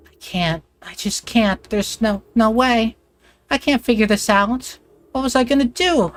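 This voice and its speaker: A woman's voice: deep voice, steady tone, takes it slowly. A woman voicing a terrified young woman trapped in a game, pleading desperately. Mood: despairing.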